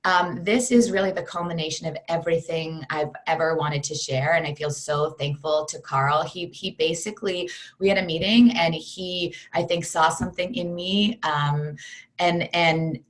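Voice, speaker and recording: Guest, woman, low-pitched and earnest, reflective storyteller on a video call. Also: fairly even intonation, normal speed. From United States. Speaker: guest, fitness program creator.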